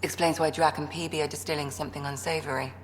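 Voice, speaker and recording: A woman's voice: sits low, fairly even intonation, fast, a little hiss or hum, lightly acted. An actress playing a wry female ship doctor in a video game, dry and teasing. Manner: dry, teasing and self-deprecating.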